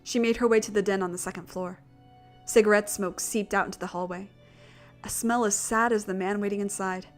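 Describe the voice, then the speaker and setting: A woman narrating a gothic visual novel in a steady, measured reading voice. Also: medium pitch, soft background music. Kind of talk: story narration.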